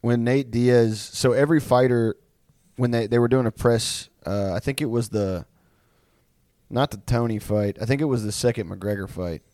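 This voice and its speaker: A man's voice: mid-range voice, normal speed, warm tone, no echo. A man hosting a podcast in casual chat, rambling storytelling with lots of swearing and restarts. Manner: rambling, profane, many restarts. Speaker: podcast host.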